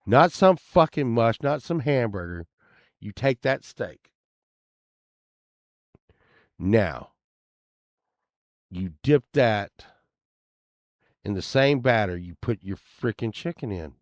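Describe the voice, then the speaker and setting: A man's voice: fairly low pitch, animated, takes it slowly, pauses often, a little mellow, no echo, clean studio sound. A man rambling casually as he browses items online, grumbling and swearing now and then. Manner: meandering, grumbling asides, occasional swearing. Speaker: vlogger.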